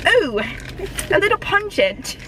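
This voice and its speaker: A woman's voice: extremely high pitch, big pitch swings, slow pace, background noise. A young woman chatting with a friend, giggling and silly. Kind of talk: casual chat.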